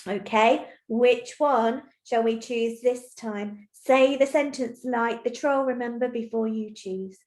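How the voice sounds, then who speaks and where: A woman teacher giving a recorded lesson to young children, explaining clearly and patiently step by step. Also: fairly high pitch, slow, hardly any pauses, a little mellow. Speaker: primary school teacher. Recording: roomy echo.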